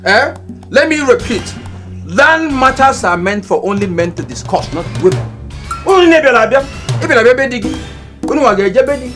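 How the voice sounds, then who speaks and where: Brief: an actor voicing an arrogant Nigerian village man, mocking and commanding, with a lively high voice and a film score under him. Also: moderate pace, music in the background. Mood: scornful. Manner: scornful, lecturing, mocking. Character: arrogant greedy middle-aged man seizing land. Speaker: domineering brother-in-law.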